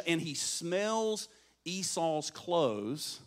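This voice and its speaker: A man's voice: high voice, animated, takes it slowly. A man preaching a sermon, telling a story and acting out its voices, often turning to the crowd with questions. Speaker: pastor.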